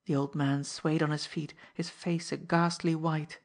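A woman narrating an audiobook in a steady, measured way. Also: sits low.

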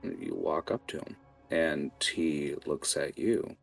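A man narrating as game master of a tabletop game, halting and full of fillers. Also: very deep voice, steady tone, creaky, slightly rough, soft background music. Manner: hesitant, many fillers.

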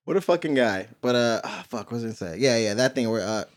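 A man's voice: mid-range voice, animated, fast. A young man hosting a podcast, talking animatedly with lots of swearing and fillers. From New Jersey, US. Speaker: podcast host. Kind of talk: casual chat.

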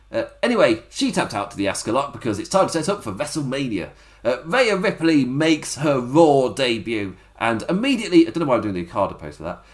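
A man giving a chatty, rambling spoken recap of a wrestling show, laughing often and acting out quotes. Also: medium pitch.

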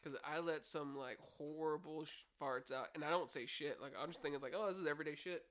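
A young man chatting with friends, quick to crack a joke. His voice is high and bright. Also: fairly even intonation. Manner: joking, chiming in. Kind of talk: casual chat.

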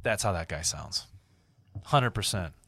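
A young man co-hosting a casual podcast, laughing and swearing a lot as he tells stories in an animated way. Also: deep voice, unhurried, creaky, slight background noise. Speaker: podcast co-host.

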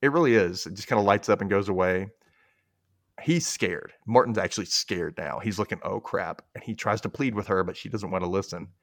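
A man's voice: on the low side, a little fast, no room sound, studio quality. A young man hosting a podcast, casually recapping a TV episode and acting out characters' lines in exaggerated voices. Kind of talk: casual chat.

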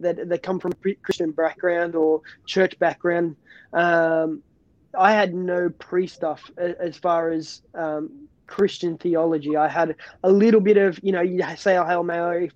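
A man's voice: high-pitched, dry recording, dull audio. A man, a pastor, giving an earnest personal faith testimony in an interview, often restarting and repeating words.

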